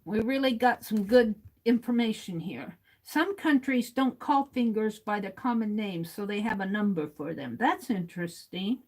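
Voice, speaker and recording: A woman hosting a casual livestream, reading viewer comments aloud, chuckling often and thinking out loud. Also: medium pitch, lively intonation, moderate pace, hardly any pauses, low-quality recording. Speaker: livestream host.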